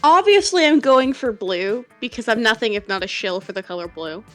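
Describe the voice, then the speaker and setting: A woman's voice: fairly high pitch, lively intonation, fairly quick, fairly bright tone, faint music behind. A woman chatting casually as a guest player, enthusiastic and tripping over her words. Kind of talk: casual chat while gaming.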